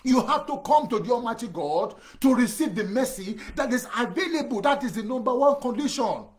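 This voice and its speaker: Man, pastor, sermon, high voice, emphatic, repeats phrases, addresses listener directly. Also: animated, fairly quick.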